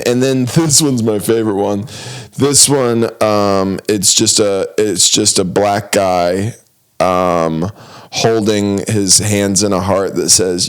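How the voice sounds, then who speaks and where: Relaxed man on a comedy podcast. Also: on the low side. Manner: loose, filler-heavy, quick dry asides. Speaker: podcast co-host. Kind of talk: casual comedy podcast chat.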